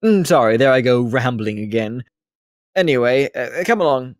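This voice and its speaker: A rambling, fussy slave-owner with a British accent, as a man puts him on for a tabletop game. He talks formally in a middle-pitched voice and wanders off topic. The sound is dry and close, with no room around it. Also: animated, moderate pace, dry recording, natural voice. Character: rambling male former slave turned wealthy slave-owner. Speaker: non-player character. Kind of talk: tabletop role-play voicing.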